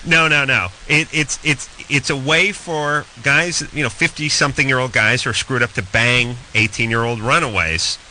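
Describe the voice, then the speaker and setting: A man's voice: mid-range voice, normal speed, few pauses, bright, forceful tone, slight background noise, rough recording. A man hosting a radio talk show in casual chat, blunt and crude, rambling through his points.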